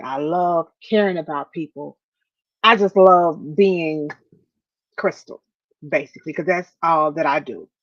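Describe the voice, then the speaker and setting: A woman hosting a podcast, talking to her listeners with heartfelt emphasis, repeating phrases and calling them y'all, close to tears. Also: deep voice. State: near tears. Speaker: podcast host. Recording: dull lo-fi audio.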